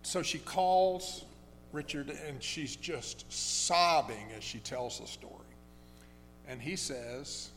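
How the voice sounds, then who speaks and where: A man preaching a sermon, telling a story in a conversational, halting way with many restarts. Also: medium pitch, a bit bright. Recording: long hall reverb with faint hum.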